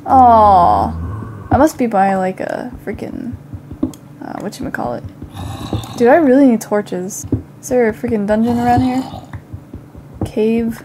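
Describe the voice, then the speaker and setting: Expressive and on the high side, her voice moves at a measured pace with long pauses, set against a noisy background. The young woman hosts a gaming channel and, slightly sick with an occasional cough, offers casual commentary, chatting to herself and exploding into panicked outcries.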